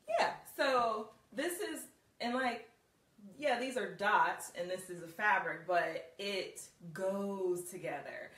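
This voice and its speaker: A woman's voice: mid-range voice, a bit bright. A woman coaching viewers on putting outfits together in a casual live video, chatty and full of laughs and ums. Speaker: style coach. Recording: roomy, distant, faint hiss.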